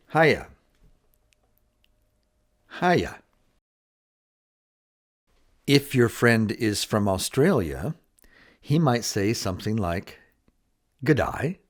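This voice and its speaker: A man teaching a beginner English lesson, saying phrases clearly and repeating them for learners to copy. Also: mid-range voice, normal speed.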